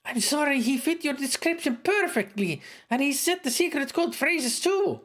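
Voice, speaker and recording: A jittery female spy caught in a mistake, as a man puts her on in a high, strained voice. She stammers and trips over her words, halting between phrases. It suits a read-aloud adventure game scene. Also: very animated, a bit bright, soft background music, full character voice. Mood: flustered. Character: nervous female spy posing as a shop clerk. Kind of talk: reading a game's dialogue aloud.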